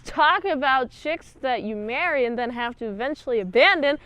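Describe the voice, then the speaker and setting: Chatty, animated woman reviewing an episode. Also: high-pitched, normal speed, smooth, no echo, highs cut off. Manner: rambling, jokey, chatty with many "like"s and asides. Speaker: show host, episode reviewer. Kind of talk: casual recap and review.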